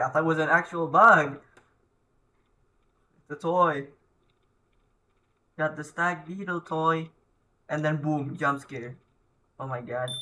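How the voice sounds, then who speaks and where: A young man talks his way through a horror game, reading text aloud and yelping whenever something startles him. His voice sits high for a man, with a bright, sharp edge. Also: poor audio. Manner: jumpy, yelps and shouts at scares. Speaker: gameplay commentator.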